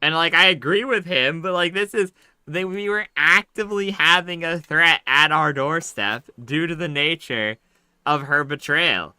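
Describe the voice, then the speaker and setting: Bright, chatty young-sounding gaming man. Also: a little high, a little slow, clean tone, no room sound. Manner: chatty, slangy, ranting with exasperated retellings. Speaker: gameplay commentator. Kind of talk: casual let's-play commentary.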